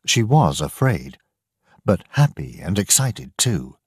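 Slow deep guy reading a story out, kinda husky, very dry. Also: big pitch swings, dry recording. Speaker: narrator. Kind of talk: scripted storybook narration for learners.

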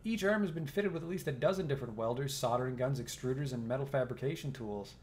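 A man's voice: mid-range voice, fast talker, a little mellow, a little hiss or hum. Casual young man reading game text. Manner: casual and offhand, swears. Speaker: let's play host.

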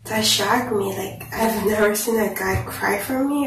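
A woman's voice: medium pitch, fairly even intonation, a little slow, creaky, hardly any pauses, far from the mic, music in the background. A young woman vlogger telling a personal story in a chatty, confiding way, full of "like" and "you know". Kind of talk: casual storytime. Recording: echoey room, voice a bit off-mic, noisy.

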